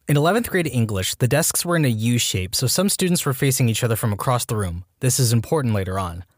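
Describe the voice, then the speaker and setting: Man, scripted storyteller, mid-pitched, wry matter-of-fact delivery, dry close recording. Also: lively intonation, fast talker, hardly any pauses, no room sound. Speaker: narrator reading anonymous posts. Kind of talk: scripted narration.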